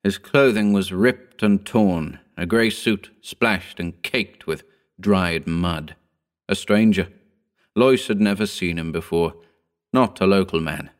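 Low-voiced man narrating a horror story. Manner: measured, slowing for grim detail. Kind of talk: dramatic audiobook narration.

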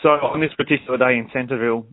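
A man's voice: medium pitch, steady tone, racing. A man with an Australian accent, telling rambling stories in a casual podcast chat. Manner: laid-back, rambling storyteller with many fillers. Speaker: guest. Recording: dry, phone-like narrow sound.

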